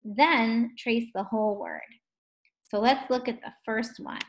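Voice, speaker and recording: Female first grade teacher, slow and stretched out, a bit high, gently encouraging. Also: steady tone. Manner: slow, drawn-out words sounded out for children; gentle, encouraging questions to young learners. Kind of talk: distance learning phonics lesson.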